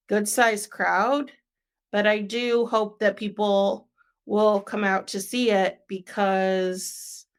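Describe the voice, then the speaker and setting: A young woman co-hosting a sports podcast, chatting casually and filling pauses with "um" and "like". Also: on the high side, a bit bright. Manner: chatty, frequent "um" and "like" fillers.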